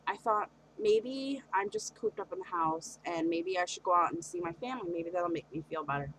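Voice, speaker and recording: A woman's voice: low voice, fairly bright tone, slight background noise, poor audio. A young woman talking through a personal confessional vlog, hesitant and earnest, with many fillers and restarts. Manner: earnest and open about her feelings. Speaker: vlogger.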